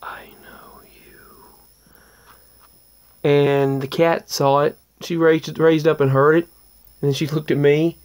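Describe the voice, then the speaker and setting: Speaking at a measured pace with a flat delivery, a man with a slightly high, clean, darkish voice earnestly recounts strange paranormal events in his home. The vlogger's casual story wanders, full of restarted sentences and trailing asides.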